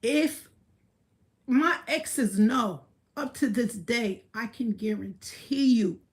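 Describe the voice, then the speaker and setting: A woman's voice: on the high side, takes it slowly. A woman hosting a livestream, ranting casually in a blunt, profane, boastful way. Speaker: livestream host.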